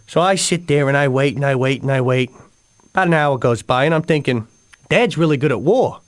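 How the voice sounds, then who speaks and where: A man's voice: medium pitch, animated, a little fast. A man co-hosting a comedy radio show, telling rambling stories with sudden emotional swings. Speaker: radio co-host. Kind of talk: comic radio storytelling.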